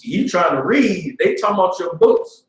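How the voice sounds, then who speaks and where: A man teaching a religious class in an informal, streetwise preaching style, often asking "you understand?" and swinging between low, muttered asides and loud bursts. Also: animated, moderate pace, recorded from a distance. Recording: roomy sound, speaker away from the mic.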